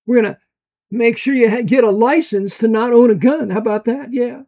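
A high-pitched American man delivering a preachy monologue. He talks emphatically and swings into loud bursts, then reads passages aloud from a book. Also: moderate pace. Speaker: commentator.

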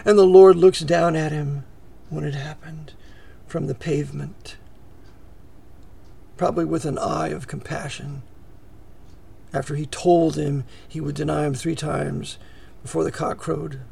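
A man preaching a sermon, reading scripture aloud and paraphrasing it in casual speech, swinging from emphatic peaks to hushed asides. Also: a little high, flat delivery, measured pace, gravelly, long pauses, a little hiss or hum. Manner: rises to emphatic peaks, drops to near-whisper asides; reads scripture in old English, then paraphrases conversationally. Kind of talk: expository sermon.

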